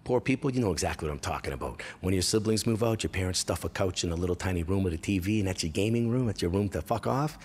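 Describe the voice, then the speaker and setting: A male comedian telling stories from his youth on stage, profane and animated. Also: deep voice, slight background noise. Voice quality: profane, animated, quick shifts into character voices. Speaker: stand-up comedian. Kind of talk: stand-up storytelling. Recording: long echo of a hall.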